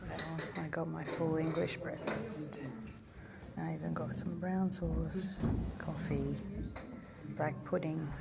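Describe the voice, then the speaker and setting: A woman's voice: low voice, vocal fry. A woman vlogging a casual walking tour outdoors, chatting in rambling asides while filming on a handheld camera. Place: outdoors on busy town streets. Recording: loud street and traffic noise. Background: traffic and town bustle.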